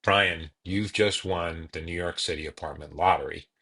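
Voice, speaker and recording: A man's voice: low-pitched, moderate pace, pushed and bright, husky, full character voice. A man voicing a friendly, matter-of-fact English neighbor with a light English accent.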